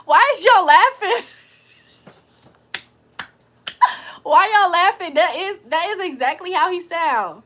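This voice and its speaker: Woman livestream host, high and bright, playful and profane, banter with chat. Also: animated, takes it slowly, pauses often. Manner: joking, laughing, profane, reads chat aloud.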